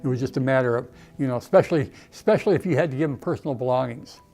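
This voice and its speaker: A man's voice: mid-range voice, rapid-fire, a little mellow, faint music behind. An older man, an Army veteran, reminiscing emotionally in a documentary interview, often saying "okay" and "you know".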